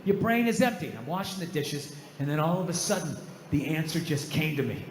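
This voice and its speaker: A man doing a stand-up routine, telling a story in animated, exasperated rants. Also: a little high, a little fast. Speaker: stand-up comedian. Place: large venue with audience. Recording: echoey hall, faint crowd noise.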